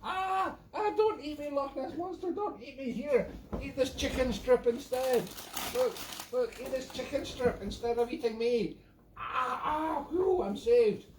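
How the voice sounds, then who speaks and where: A man's voice: mid-range voice, a little hiss or hum, close to an everyday voice. A man with a Scottish accent impersonating an old-time Scottish music-hall singer, half-singing and drawing out his lines over an accordion. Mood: panicked. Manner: half-sung, drawn-out music-hall recitation. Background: loud accordion music.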